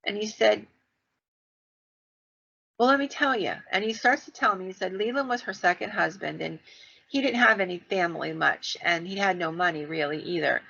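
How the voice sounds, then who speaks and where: A woman's voice: fairly low pitch, a little fast, creaky, sharp tone. A middle-aged woman telling a long, winding story on a podcast in a chatty way, acting out the lines she quotes. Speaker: podcast co-host telling ghost stories. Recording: dull, lo-fi podcast audio.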